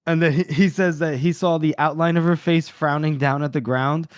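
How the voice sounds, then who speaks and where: A man co-hosting a podcast, chatting casually about a book and retelling scenes with animated voices. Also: a little high, normal speed. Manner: animated retelling, playing out characters' lines. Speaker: podcast co-host.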